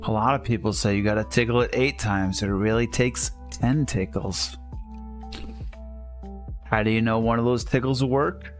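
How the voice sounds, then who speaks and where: A man livestreaming a game, telling dad jokes in a rambling, self-amused way. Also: on the low side. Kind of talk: casual chat while gaming.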